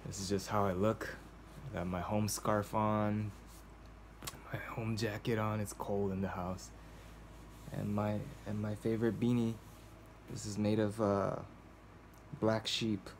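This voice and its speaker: Recording a video diary in a cold home, this vlogger speaks to the camera haltingly, wandering through fillers and restarts. His voice sits on the low side with a darkish tone, over a little hiss or hum.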